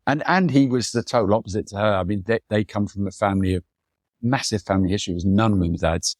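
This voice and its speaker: Talking fast in a lowish voice, a photographer on a podcast shares long, rambling stories from his life, doing impressions of the people he quotes as he reflects in conversation. The sound is clean studio audio with no echo.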